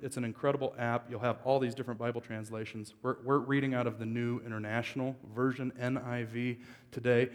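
A male pastor preaches in a relaxed, joking way and breaks into loud emphatic bursts. His mid-range voice rings out through the long reverb of a large church hall. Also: medium pitch. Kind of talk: sermon. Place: church service.

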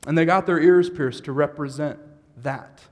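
A man's voice: a little high, moderate pace, big-room sound. A man preaching a sermon as a pastor, moving from easygoing asides to fervent, rising exhortation. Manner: builds from conversational to impassioned shouting.

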